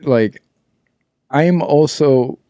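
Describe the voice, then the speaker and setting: A man's voice: fairly high pitch, drawn-out words, dark tone, dry recording, clean studio sound. A man co-hosting a podcast, speaking earnestly and reflectively, often hesitating and restarting his sentences. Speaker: podcast co-host. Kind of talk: casual chat.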